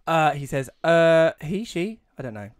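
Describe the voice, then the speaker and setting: A man in casual podcast chat, reading listener comments quickly and swearing casually. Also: on the high side, animated, a crowd in the background. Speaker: podcast guest or co-host. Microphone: close podcast mic.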